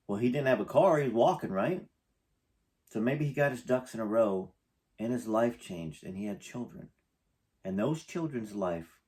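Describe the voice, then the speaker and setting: A man's voice: mid-range voice, darkish tone. A man reading a memoir aloud and breaking off into rambling, emotional, conversational asides.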